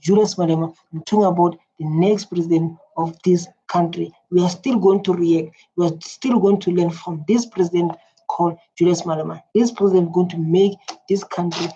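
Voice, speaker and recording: A South African woman giving excited, repetitive commentary as a reaction video host, halting with fillers. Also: lowish voice, a little hiss or hum. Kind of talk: casual commentary. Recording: dull lo-fi sound with faint ambience.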